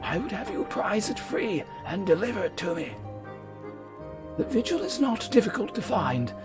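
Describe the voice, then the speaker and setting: Pompous high-born knight voiced by a man, high strained voice, lively swoops, archaic theatrical speech. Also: moderate pace, music in the background. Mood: haughty. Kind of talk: reading game dialogue aloud in a put-on voice.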